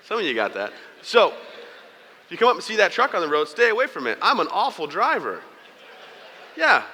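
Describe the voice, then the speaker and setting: A man speaks to a large audience, spinning personal stories into jokes and teasing the crowd. His voice is bright and forward, and the sound carries the long echo of a big hall. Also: on the high side, sing-song, moderate pace, slight background noise. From United States. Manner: joking storyteller, playful asides to the audience. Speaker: keynote speaker. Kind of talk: humorous motivational speech.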